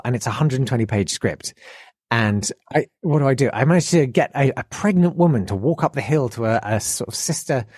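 A man on a podcast, telling an animated anecdote in casual chat and acting out the people he quotes. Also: medium pitch, husky, dry recording, clean studio sound. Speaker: podcast guest.

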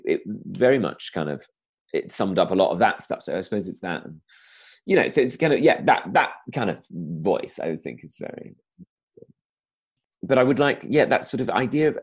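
A man, a comedian, chatting casually in a rambling way, full of fillers and restarts. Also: low voice. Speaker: comedian guest. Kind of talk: casual conversation.

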